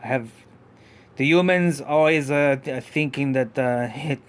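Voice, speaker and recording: A man's voice: medium pitch, clean tone, lightly acted. A man voicing a rambling dinosaur puppet with a put-on accent. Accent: vague put-on foreign accent. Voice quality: odd put-on foreign-sounding accent. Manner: rambling, halting, many restarts. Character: goofy dinosaur puppet pup, male, silly and rambling. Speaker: podcast host. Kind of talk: live podcast character act.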